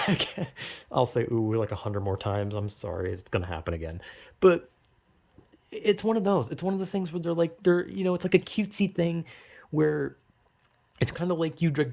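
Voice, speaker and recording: A man's voice: a little high, animated, normal speed, vocal fry, a little mellow. A young man talking casually, rambling and swearing, acting out quotes in goofy voices. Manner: rambling, profane, acts out quotes in silly voices. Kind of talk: casual monologue.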